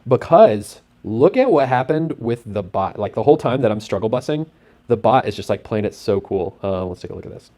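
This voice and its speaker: A man narrating casually over his screen as host, talking in an excitable, rambling way with lots of fillers. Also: on the low side, brisk. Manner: acts out sound effects and his own thoughts.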